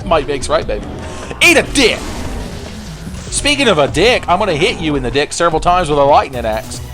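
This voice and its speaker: A man's voice: a little high, very animated, fast, fairly bright tone, faint music behind. A man giving crude, joking let's-play commentary while gaming, slipping into silly voices for game characters. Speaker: gameplay commentator.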